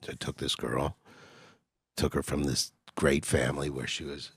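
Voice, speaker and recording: A middle-aged comedian from Canada telling crude, blunt stories in casual talk, often dropping to a low, hushed voice. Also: male voice, steady tone, normal speed, creaky, breathy edge, dry recording, studio quality. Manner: crude, blunt storyteller who drops to a low, hushed voice for confessions. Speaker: comedian guest. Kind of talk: casual podcast storytelling.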